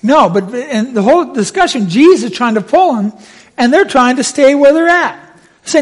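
A man preaching a sermon, telling the story with lively, acted-out voices. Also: extremely high pitch, moderate pace.

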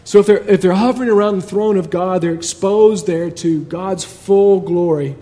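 A man's voice: high voice, moderate pace, mellow. A man preaching a sermon in a conversational but emphatic way, building points through repetition.

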